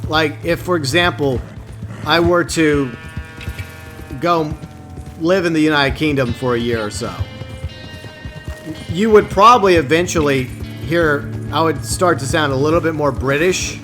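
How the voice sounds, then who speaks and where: A man's voice: fairly high pitch, unhurried, pauses often, a bit bright, soft background music. A man streaming an online game, chatting loosely with his viewers in a rambling way, often stopping and restarting his sentences. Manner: rambling, talks to chat with many restarts. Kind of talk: casual gaming stream chat.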